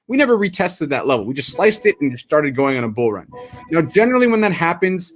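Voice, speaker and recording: A man who trades explaining chart levels in casual chat, animated and quick to act out other people's reactions. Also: on the high side, soft background music. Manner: animated, acts out market reactions, restarts often. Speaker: crypto trader.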